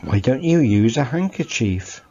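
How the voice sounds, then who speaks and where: A man voicing a curious, chirpy young girl in a storybook reading, with a raised pitch. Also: big pitch swings, a little slow, dark tone, breathy edge, muffled recording. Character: cheerful young earth girl.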